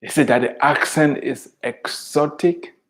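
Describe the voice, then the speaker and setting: Advising immigrants in an earnest, motivational talk, this author speaks slowly and with emphasis, in a slightly high voice. A native Mundani speaker, he comes across as preachy and keeps returning to his main points.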